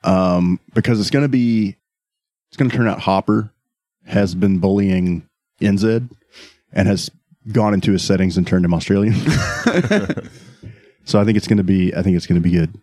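A man's voice: sits low, steady tone, normal speed, long pauses, warm tone, dry recording, clean studio sound. A man hosting and running a tabletop role-playing game, bantering playfully and laughing often. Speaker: game master. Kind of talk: casual podcast banter.

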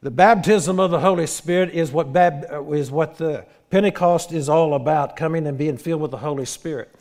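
A man preaching a sermon as pastor, animated, retelling scenes with quoted dialogue and frequent restarts. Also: fairly high pitch, fairly quick.

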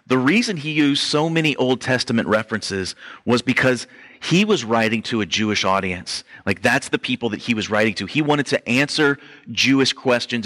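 Bright-voiced man preaching casually. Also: medium pitch. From Western Europe ancestry only; none. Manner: conversational, filler-heavy, says "like" often. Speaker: pastor. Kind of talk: casual sermon teaching.

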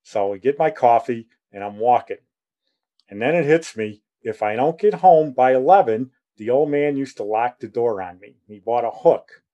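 A man's voice: medium pitch, moderate pace, mellow, highs cut off. A man in his sixties telling a rambling personal story, acting out the dialogue as he goes.

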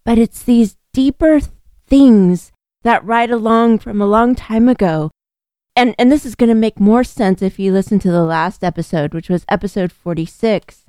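A middle-aged woman hosting a podcast, speaking in a gentle, earnest and reassuring way in a reflective solo talk. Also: mid-range voice, normal speed, no echo. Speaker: podcast host.

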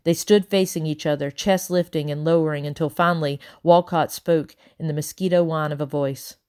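A woman's voice: deep voice, steady tone, moderate pace, darkish tone, smooth. Woman reading a children's novel aloud. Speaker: audiobook reader.

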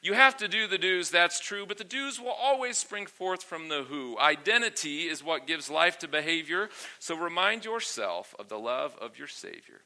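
A male preacher with a ringing, very bright voice, pitched a little above most men. He addresses a congregation and reads rhyming verse with a bouncing, sing-song lilt. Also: lively intonation, normal speed, hardly any pauses. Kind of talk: sermon with a rhyming poem.

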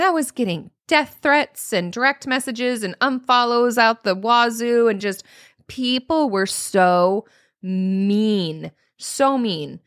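A woman coach in her thirties talks through a casual solo podcast episode. She is animated and profane, and she slips into high mock voices whenever she quotes someone. The sound is dry and close, with no room in it. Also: slow, no room sound.

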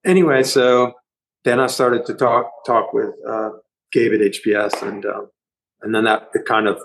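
A middle-aged man, a band musician, telling a story in a rambling, profane, animated way during a casual interview. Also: fairly low pitch, normal speed, creaky, slight background noise, low-quality recording.

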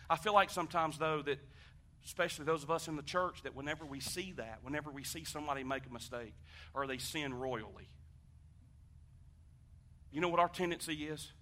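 A man preaching a sermon, conversational and animated, asking the congregation questions and swinging from hushed talk to shouting. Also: fairly high pitch, a little fast. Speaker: pastor.

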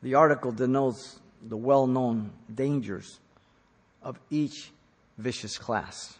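Slow and slightly husky at a middle pitch, a man preaches from scripture, swinging from forceful emphasis to hushed asides. The long, hall-like reverb makes it sound recorded in a big church.

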